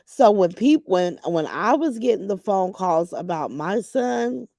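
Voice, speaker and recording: A woman's voice: medium pitch, lively intonation, measured pace, vocal fry, no room sound. A middle-aged woman hosting a livestream, chatting candidly with viewers and reading their comments, emotional and open about grief. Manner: emotional, candid, swings from grief to loud laughter. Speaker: livestream host.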